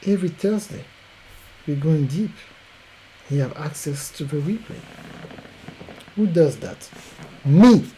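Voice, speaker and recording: A man with a French accent giving an emphatic, repetitive promotional pitch as a podcast coach. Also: measured pace, pauses often, dark tone, slight background noise, rough recording.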